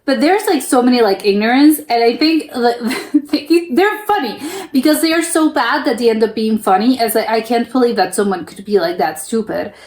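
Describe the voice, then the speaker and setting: A woman's voice: fairly high pitch, normal speed, hardly any pauses, a little mellow. A woman hosting a reaction video, talking casually and reacting with disbelief and laughter. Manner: laughing, incredulous interjections. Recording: echoey room.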